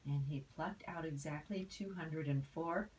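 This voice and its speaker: An older woman reading a rhyming picture book aloud, expressive, with asides to a child. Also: low-pitched, unhurried, recorded from a distance, slight background noise, rough recording. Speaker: storyteller.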